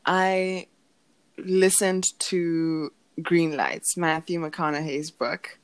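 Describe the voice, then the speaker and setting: Young woman, lower voice, dry close sound, chatty storyteller who acts out quotes. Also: very slow, smooth, dry recording. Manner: animated storytelling, acts out quotes, laughs often. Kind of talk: casual chat.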